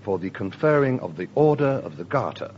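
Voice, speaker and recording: Man doing lively radio sketch comedy. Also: lowish voice, fairly quick. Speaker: comedy performer and announcer. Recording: dull hissy old radio recording.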